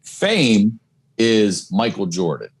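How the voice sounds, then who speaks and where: A middle-aged man tells stories in a loose, casual podcast chat, dropping curse words freely. His voice sits a touch on the low side. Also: sing-song, takes it slowly, husky. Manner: loose, profane storytelling. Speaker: comedian guest.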